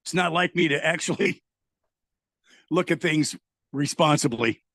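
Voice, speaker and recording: A man's voice: on the high side, a little slow, fairly bright tone. A man hosting a casual radio show, reading out listener messages in a loose, easygoing way with lots of fillers. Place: home studio in Arizona.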